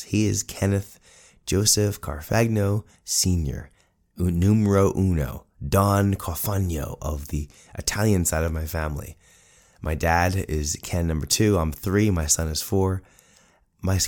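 A man in his forties hosting a solo podcast, telling a story in an animated, self-mocking way. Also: low voice. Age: 40s. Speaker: podcast host.

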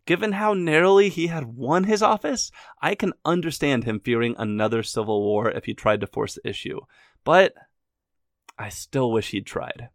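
A man's voice: medium pitch, normal speed, no room sound, clean studio sound. A man narrating history in a scripted but conversational way, adding his own opinions and wry asides. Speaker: history podcast host.

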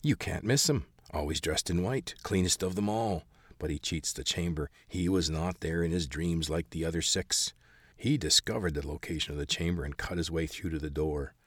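A man voicing a bitter, secretive old man who hides in caverns, calm one moment and snappish the next. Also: sits low, moderate pace, breathy edge, studio quality. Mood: urgent, scornful. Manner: calm but snappish, hacking cough. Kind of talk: audiobook character voice.

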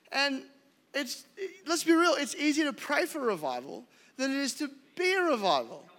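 A man preaching a sermon as pastor, joking and animated, with acted-out asides. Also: extremely high pitch, fairly quick, in a large hall. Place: church auditorium.

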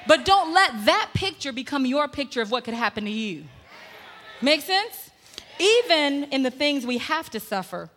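A woman preaches with a bright, forceful voice pitched a little high. She mixes jokes with emphatic, shouted points. Her voice rings out in a long reverb, as in a big church. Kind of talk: sermon. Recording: long reverb in a large hall.

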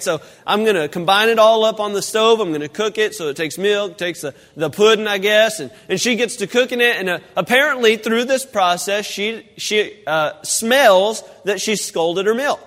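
A pastor gives a relaxed, chatty sermon, drifting into folksy asides and restarting sentences, with hardly any pauses at a normal speed. His voice is high for a man. The church sanctuary adds a long reverberant tail to every phrase.

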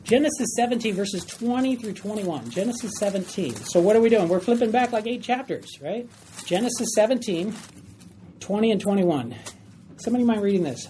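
A woman's voice: mid-range voice, expressive, fairly quick, dark tone, a little hiss or hum. A woman teaching a Bible study class, emphatic and often questioning her group.

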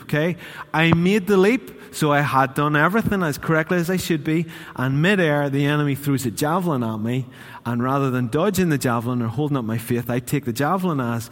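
A man's voice: on the high side, brisk, in a large hall. A man preaching a sermon in church, chatty and questioning his congregation. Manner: conversational, asks the congregation questions. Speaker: pastor.

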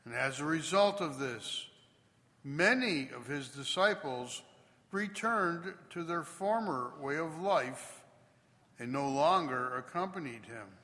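A man, a priest, reading the Gospel aloud in a measured, expressive proclamation. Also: fairly high pitch. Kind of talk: liturgical scripture reading. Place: church. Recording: long church reverb.

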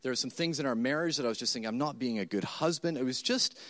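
A man's voice: mid-range voice, fast, fairly bright tone. Conversational man preaching a sermon. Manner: conversational, repeats words, acts out his own inner voice. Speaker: pastor. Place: church service before a congregation.

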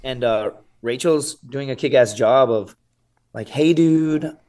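Animated man telling a story casually. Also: mid-range voice, unhurried. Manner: animated, swears freely, says "dude" and "right?" often. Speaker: podcast guest, survival show contestant.

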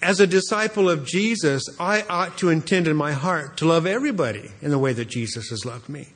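A man's voice: fairly high pitch, fairly quick. A man preaching an expository sermon as a pastor, earnest and repeating words as he restarts. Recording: long hall reverb.

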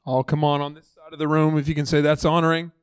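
A man's voice: a little high, quick pace, clear, resonant tone, dry recording. A man in his thirties, a lead pastor preaching a conversational sermon from a church stage. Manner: conversational and animated, acting out voices of the story.

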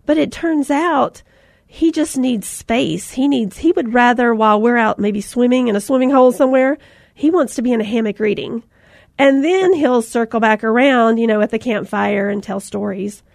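A middle-aged mother hosts a podcast with warm, loose chatter, laughing easily and poking fun at herself. Her voice sits a little high and the recording is dry and close, with no room sound. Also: moderate pace, creaky, no room sound. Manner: laughing, self-deprecating, animated anecdotes. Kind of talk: casual podcast chat.

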